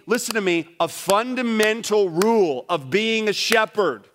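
A middle-aged man preaching a sermon to a congregation, direct and animated, swinging between loud emphasis and quiet. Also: sits high, normal speed, hardly any pauses. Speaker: pastor. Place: church sanctuary before a congregation.

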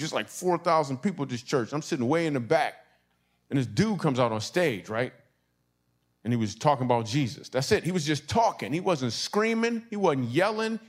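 A grown man from Michigan, a stand-up comedian telling a long story to a laughing crowd, acting out voices with quick, animated asides. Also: on the high side. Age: adult.

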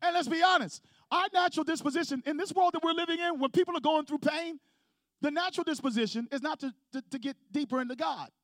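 A man's voice: very high voice, quick pace, a bit bright, no room sound, studio quality. A male pastor preaching a sermon to his congregation, calling for responses and building intensity. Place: church sanctuary with congregation.

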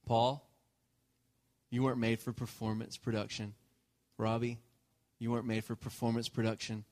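A man's voice: mid-range voice, flat delivery, normal speed, pauses often. Man giving a casual sermon. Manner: joking, checks in with the congregation. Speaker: pastor. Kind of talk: conversational sermon.

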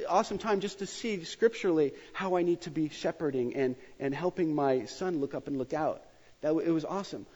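A man in his thirties preaching a sermon in a church, joking and emphatic, his voice rising sharply when excited. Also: on the high side, a little fast, husky. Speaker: pastor. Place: church sanctuary. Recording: dull sound with long hall reverb.

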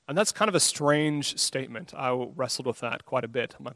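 A man's voice: mid-range voice, fairly quick, few pauses, fairly bright tone, dry recording. Earnest man preaching. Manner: earnest, conversational, self-deprecating, acts out inner thoughts. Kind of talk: sermon.

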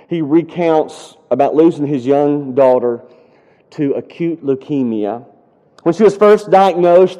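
Pastor preaching in an echoing hall. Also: male voice, on the high side, dark tone. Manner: earnest storytelling, rising to impassioned pleading prayers. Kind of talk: sermon. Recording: dull sound with long hall reverb.

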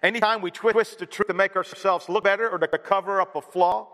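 A man's voice: high voice, fairly even intonation, fairly quick, pushed and bright. A man preaching a sermon as pastor, earnest, with many rhetorical questions. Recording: long hall reverb.

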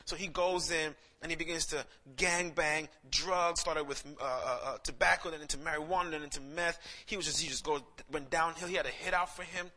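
Man from saint lucia preaching, bright sharp tone, goes near shouting then quiet storytelling. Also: fairly high pitch, fairly even intonation, fairly quick, hardly any pauses. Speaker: pastor. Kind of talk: sermon with personal storytelling.

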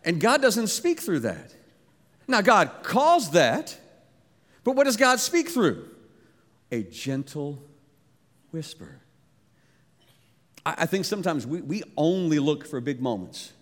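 A man preaching a sermon as pastor, dropping to a hush on quiet words and rising again. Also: high-pitched, huge pitch swings, measured pace, in a large hall. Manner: dynamic, drops to a hush on quiet words, then rises.

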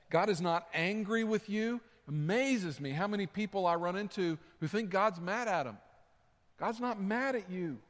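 A male pastor delivering a sermon in a relaxed, conversational way and repeating his key points for emphasis. His voice sits somewhat high, and it carries a long reverb from the hall.

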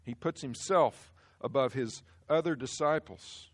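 A male pastor delivers a sermon in a somewhat high voice. He presses his points hard, dropping to a hush on sobering lines and rising to full force on warnings. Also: animated, measured pace. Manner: emphatic, swings from hushed to loud.

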